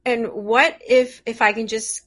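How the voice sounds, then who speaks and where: A woman's voice: a little high, fairly even intonation, a little slow, fairly bright tone. A woman interviewer asking long, winding questions in an effusive, searching manner.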